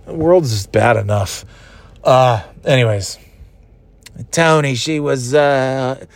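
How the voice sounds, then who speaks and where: A man's voice: medium pitch, takes it slowly, long pauses, no echo. A man casually rambling as a vlogger, swearing a lot, laughing often and making goofy sound effects. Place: just left a wrestling event in a city.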